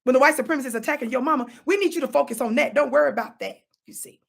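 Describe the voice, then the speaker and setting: Her voice is high, rapid-fire and marked by vocal fry as she hosts her own talk show. She gives a preachy, animated monologue, leaning on repeated words for emphasis and teasing her audience amid bursts of laughter.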